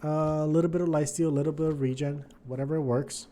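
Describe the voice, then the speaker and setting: A man giving casual gameplay commentary, thinking aloud and swinging between quiet muttering and frustrated outbursts. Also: a little high, fairly even intonation, fast, a little hiss or hum. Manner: thinks aloud, repeats words and restarts. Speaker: gaming video host.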